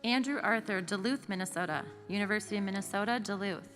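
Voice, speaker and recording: A woman emceeing a formal ceremony, reading out names and hometowns slowly and evenly. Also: medium pitch, fairly bright tone. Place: large auditorium. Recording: reverberant hall with faint music.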